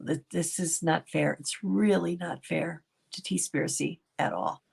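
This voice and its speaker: A woman's voice: low-pitched, steady tone, unhurried, creaky, a little mellow, husky. A middle-aged woman hosting a casual livestream, talking to viewers by name and laughing often. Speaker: commentary channel host. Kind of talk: casual livestream commentary reading chat.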